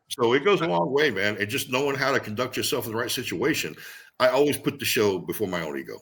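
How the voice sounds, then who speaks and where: Animated, swearing veteran wrestler. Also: male voice, mid-range voice, fast. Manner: animated, profane, acts out quotes. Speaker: guest, veteran pro wrestler. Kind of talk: casual storytelling interview.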